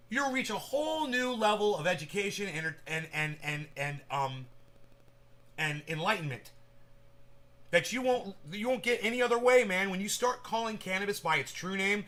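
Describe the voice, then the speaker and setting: A man chatting on a livestream in a high, bright voice that has a forceful edge. He rambles from point to point, swears freely and calls out to viewers by name as they type in chat. It is loose, unscripted talk. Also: lively intonation, quick pace. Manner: rambling, profane, talks straight to viewers in chat. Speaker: livestream host.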